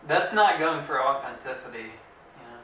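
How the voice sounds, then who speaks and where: A young man co-hosting a casual comedy podcast, talking in a rambling, halting way with lots of fillers. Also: mid-range voice, lively intonation, fairly bright tone. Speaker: podcast co-host. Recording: roomy echo, mic at a distance, faint hiss.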